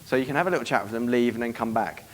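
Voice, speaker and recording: A man's voice: medium pitch, very fast, slight background noise. A man giving a live seminar talk to an audience, brash and profane, acting out bits of dialogue as he teaches. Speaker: dating coach giving a seminar.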